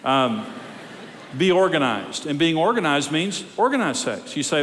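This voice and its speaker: A man, a marriage counselor, teaching a live seminar in an emphatic, wry way that builds to loud exhortation. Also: on the high side, sing-song, moderate pace, a little hiss or hum. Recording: long reverb of a large hall.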